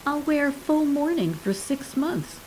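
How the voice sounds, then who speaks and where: A woman's voice: expressive, normal speed, dark tone, slight background noise, lightly acted, rough recording. A woman reading a story, voicing a flighty, prattling middle-aged wife in a lifted, gushing voice. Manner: gushing, raised pitch.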